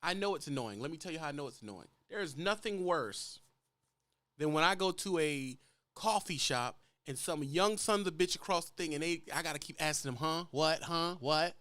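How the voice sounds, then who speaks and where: A man's voice: a little high, expressive, fairly quick, fairly bright tone, dry recording. A man with a Louisiana accent, a truck driver lecturing bluntly and profanely in a ranting vlog.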